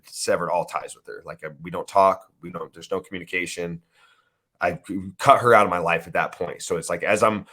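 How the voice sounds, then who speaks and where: A man in his thirties, an interview guest, telling a painful personal story in a halting, emotional way with many restarts. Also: deep voice, a bit bright.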